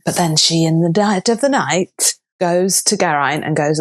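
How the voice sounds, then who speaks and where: A woman's voice: on the low side, moderate pace, hardly any pauses. A middle-aged woman from Wales retelling a legend in casual chat, playful and giggly, acting out the characters' lines. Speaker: guest storyteller.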